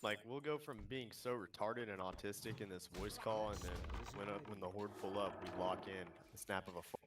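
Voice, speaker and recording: A man's voice: on the low side, a little fast, noisy background. Crude, profane man on a distant mic. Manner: crude, profane, animated storytelling. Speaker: guild member guest. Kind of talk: casual voice-call chat.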